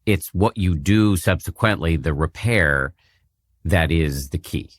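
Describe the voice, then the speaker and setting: A man's voice: low voice, measured pace, dry recording, studio quality. A man hosting an interview podcast, wry as he sets up segments and questions his guest. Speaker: podcast host.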